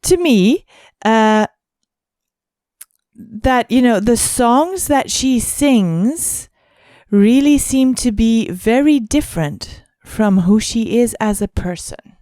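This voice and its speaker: A woman's voice: on the high side, animated, takes it slowly, mellow, no room sound, studio quality. A woman co-hosting a podcast, musing aloud in casual chat and often searching for words. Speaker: podcast co-host.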